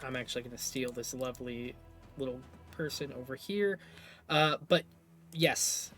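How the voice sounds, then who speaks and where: A man narrating as game master of a tabletop game, describing scenes in a loose, halting way with many fillers. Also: medium pitch, a bit bright, soft background music.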